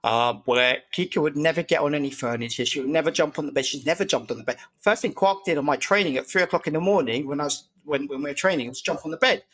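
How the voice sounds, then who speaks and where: A man's voice: fairly high pitch, fast, few pauses, a bit bright. A man, a guest on a podcast, chatting casually and acting out voices in his stories. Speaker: podcast guest, disability campaigner. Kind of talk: casual storytelling chat.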